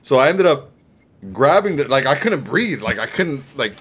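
A laid-back man from the Caribbean, co-hosting a casual podcast. His voice sits at an ordinary middle pitch. He talks loosely, laughs easily and keeps calling his friend bro. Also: very animated, normal speed, fairly bright tone, breathy edge. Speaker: podcast co-host.

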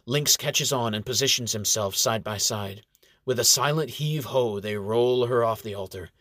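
In a close, dry recording free of room sound, a male narrator voices a fantasy audiobook. His pitch sits in the middle range and his pacing is even and deliberate.

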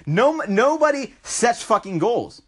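A man's voice: very high voice, very animated, slow pace, husky. A man delivering an impassioned, swear-filled ranting monologue, constantly saying bro and dude. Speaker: vlogger.

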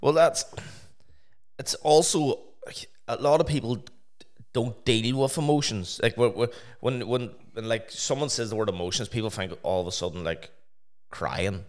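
A young man in casual chat, swearing freely and telling stories with animated quoted voices. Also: medium pitch, unhurried.

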